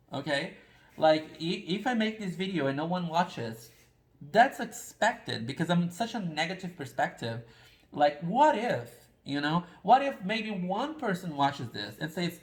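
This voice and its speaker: A man's voice: on the high side, big pitch swings, a little slow, echoey room, poor audio. A man giving a casual pick-a-card tarot reading, talking in a rambling, confessional and self-deprecating way.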